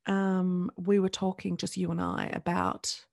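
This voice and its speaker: Chatty woman, lowish voice. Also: little pitch movement, gravelly, darkish tone. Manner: chatty storyteller, quick bursts, acts out quotes. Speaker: podcast co-host. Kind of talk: casual chat.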